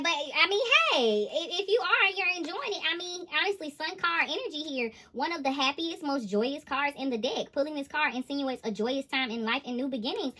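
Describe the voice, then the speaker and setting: Giggly woman doing a tarot reading, bright sharp voice, kinda high, laughs a lot. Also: brisk. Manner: giggly, animated, laughs often. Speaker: tarot reader. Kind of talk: casual tarot reading to camera.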